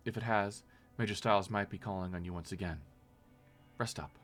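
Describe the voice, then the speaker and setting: A man voicing a brisk female military lieutenant who gives a measured, formal briefing. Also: lowish voice, fairly even intonation, fairly bright tone, faint music behind, pitched below the performer's own voice, lightly acted.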